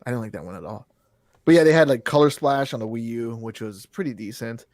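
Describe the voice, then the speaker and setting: A man's voice: medium pitch, lively intonation, quick pace, a little mellow, no room sound, clean studio sound. A man co-hosting a casual video game podcast, rambling and joking, swearing now and then. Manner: rambling, jokey, swears, does silly voices. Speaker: podcast co-host. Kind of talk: casual chat about video games.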